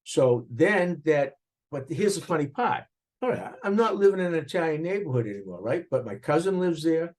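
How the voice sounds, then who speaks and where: Animated older man with a Boston accent. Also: on the high side, moderate pace. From Boston area, USA. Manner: animated, talks with his hands, rambling restarts. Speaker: interviewee. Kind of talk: reflective interview recollection.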